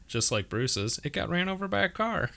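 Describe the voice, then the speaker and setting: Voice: medium pitch, normal speed, vocal fry. A podcast co-host chatting casually and telling stories in an easygoing way. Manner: animated storyteller, easygoing. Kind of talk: casual movie rewatch chat.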